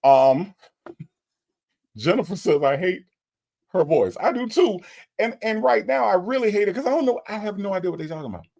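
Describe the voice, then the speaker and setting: A man's voice: high-pitched, expressive, fairly quick, vocal fry, long pauses, a little mellow. A man hosting a show, casually reading viewer comments and reacting with laid-back exasperation. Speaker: host reviewing a recorded call.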